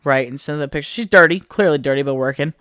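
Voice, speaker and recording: A man's voice: on the high side, fast, fairly bright tone, clean tone, dry recording, clean studio sound. A man hosting his own podcast from his apartment, rambling crudely and profanely from one thought to the next. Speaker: podcast host. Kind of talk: solo casual podcast rant. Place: apartment room.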